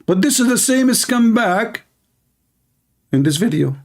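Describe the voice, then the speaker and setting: A man's voice: high-pitched, expressive, unhurried. A man streaming live commentary, taunting and insulting his opponents in broken English. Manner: taunting, insulting, non-native grammar. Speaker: online debate streamer.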